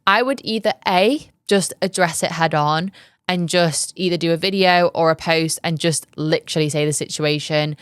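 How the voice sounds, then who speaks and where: Chatty low-voiced woman host. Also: steady tone, moderate pace, clean tone, dry recording, studio quality. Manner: chatty, candid, lots of ums and likes. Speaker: podcast host. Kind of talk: casual advice chat.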